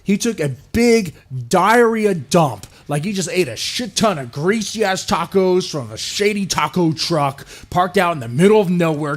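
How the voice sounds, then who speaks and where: A man hosting a podcast, ranting crudely and profanely, mocking others in sudden loud put-on voices. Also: a little high. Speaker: podcast host. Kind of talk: ranting solo podcast commentary.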